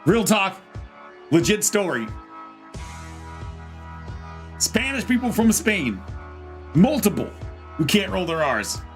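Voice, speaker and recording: A man's voice: high voice, sing-song, measured pace, soft background music. A man hosting a live-streamed simulated wrestling show, announcing entrances with hammy rolled R's and joking and laughing with his chat from a home green-screen setup. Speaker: wrestling commentator and stream host.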